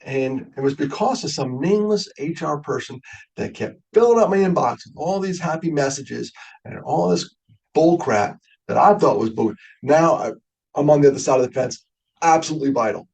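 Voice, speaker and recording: A man's voice: mid-range voice, vocal fry, darkish tone, husky, rough recording. A middle-aged man from New York giving a conversational webinar talk, joking and openly emotional as he goes. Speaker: guest speaker.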